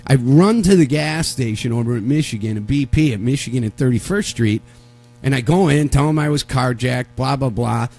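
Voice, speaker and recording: A man's voice: mid-range voice, brisk, creaky, soft background music. A man telling a long story on a live talk show, acting out the voices of the people in it. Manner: animated, acts out the voices of people in his story. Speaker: radio show co-host.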